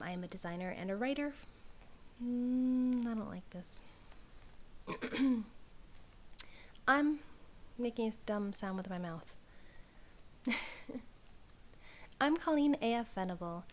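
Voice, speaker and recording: Woman narrator, slightly high voice, hoarse, casual, self-mocking outtakes. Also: a little mellow. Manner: reads first-person prose, retakes lines, laughs at her slips. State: hoarse, clearing her throat. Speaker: audiobook reader and author. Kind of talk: story reading with outtakes.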